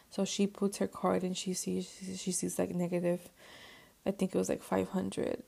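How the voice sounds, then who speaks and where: A young woman hosts her podcast and tells a personal story in loose, casual chat. Her voice has a gravelly fry to it, and her pitch stays fairly flat. She leans on "like" constantly and drops into Spanish phrases now and then. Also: a little slow. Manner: filler-heavy, says "like" constantly, mixes in Spanish. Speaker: podcast host.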